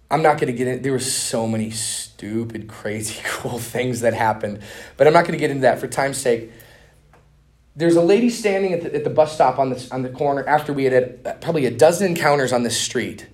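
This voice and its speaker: A man's voice: mid-range voice, normal speed. A young man giving a conference master class, telling stories in a casual, earnest way with slang and restarts. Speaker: conference speaker. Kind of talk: conference teaching talk.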